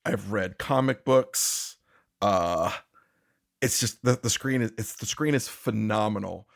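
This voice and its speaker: A man's voice: lowish voice, unhurried, creaky. A man co-hosting a podcast, rambling in casual chat, restarting sentences and laughing often. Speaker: podcast co-host.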